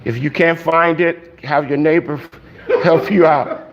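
A man's voice: fairly high pitch, fairly even intonation, unhurried, dull audio, noisy background. A man preaching a sermon in a conversational way, checking in with the congregation with frequent "okay?". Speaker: pastor.

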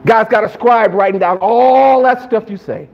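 A male preacher with a high voice and moderate pace delivers a sermon at a church service with a live congregation, blending playful joking asides with call-and-response. The recording is slightly dull with faint background noise.

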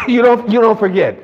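High, lively-voiced male preacher. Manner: playful, joking asides to the congregation; call-and-response with the listeners. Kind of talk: sermon. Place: church service with a live congregation. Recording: slightly dull recording, faint background noise.

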